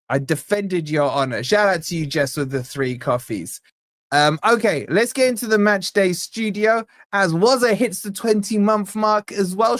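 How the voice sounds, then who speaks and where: A man's voice: high-pitched, dry recording, clean studio sound. Joking young man hosting a fan stream. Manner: jokey banter with live chat, reading out donations. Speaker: fan channel host. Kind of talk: live football watch-along stream.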